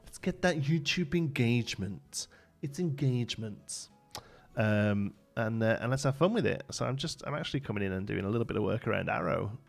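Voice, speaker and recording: Gravelly man streaming a game. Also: on the low side, animated, fairly quick, soft background music. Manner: chatty, rambling, laughs often, reads chat. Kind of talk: casual live-stream chat while building.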